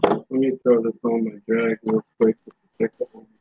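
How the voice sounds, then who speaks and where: Man, gravelly husky voice, blunt casual talk, lots of swearing, lo-fi sound. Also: high voice, sing-song, brisk. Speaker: vaping show host. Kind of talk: casual chat. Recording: dull lo-fi recording.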